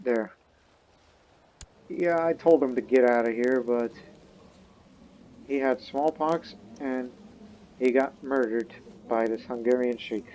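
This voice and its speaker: A man's voice: medium pitch, takes it slowly, pauses often, dark tone, a little hiss or hum. A man giving casual let's-play commentary on a strategy game, playfully acting out the game's characters as he goes. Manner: role-plays the game's characters in a joking tone. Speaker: gaming YouTuber.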